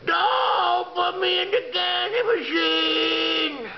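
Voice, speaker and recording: A man's voice: very high voice, drawn-out words, gravelly, faint music behind, pitched above the performer's own voice, exaggerated voice. Man doing a wailing terrified talking coin. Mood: pleading. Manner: shouting, wailing, pleading. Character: panicky talking coin, male, terrified of being eaten. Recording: dull lo-fi with faint hiss.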